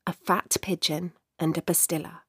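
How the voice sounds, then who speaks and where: A woman narrating a short story in a measured, expressive way. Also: fairly low pitch, slightly rough, no echo, clean studio sound.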